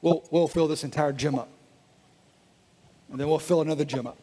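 A male pastor giving an animated sermon, acting out the voices of his listeners. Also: a little high, brisk. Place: church meeting in a gym. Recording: echoey hall.

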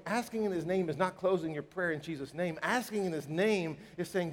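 Pastor, male, high voice, emphatic sermon delivery, long hall echo. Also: moderate pace. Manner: emphatic, animated, with mock dialogue. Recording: reverberant hall.

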